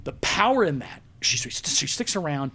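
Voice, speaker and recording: An excitable podcast host tells stories in casual chat from a studio, his voice swinging widely in pitch. It carries a noticeable gravelly fry and sits slightly higher than most men's. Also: moderate pace. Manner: excitable storyteller, acting out scenes.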